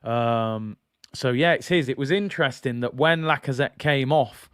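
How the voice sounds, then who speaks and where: Guy chatting about football, mid-pitched, dry close sound, keeps saying sorry. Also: a bit bright, clear, resonant tone, no room sound. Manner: chatty, incredulous, quick to apologize. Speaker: football channel host. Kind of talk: casual fan commentary.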